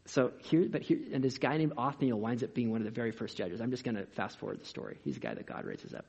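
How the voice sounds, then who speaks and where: A male pastor delivers a sermon with a husky voice at a middle pitch. He talks in an energetic, conversational way, full of rhetorical questions. The recording is dull and lo-fi. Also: fast.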